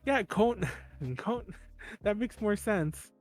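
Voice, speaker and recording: A man hosts a podcast in casual chat. His voice sits a little high, and he rambles through stories. He restarts sentences and laughs often. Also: animated, slow pace, soft background music. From Mexican-American. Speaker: podcast host.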